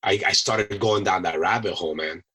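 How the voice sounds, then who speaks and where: A man with a husky, raspy voice and a forceful, bright edge, spinning animated stories in a relaxed podcast interview. He is a Marine veteran and chef, peppering his talk with "man" and "you know". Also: deep voice, a little fast, rough recording. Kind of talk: casual anecdote-telling in an interview.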